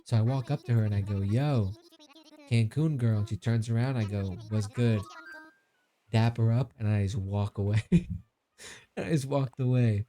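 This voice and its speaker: A young man streaming live, casually telling a story to his chat in an animated, incredulous way, breaking into laughter. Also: on the low side, normal speed.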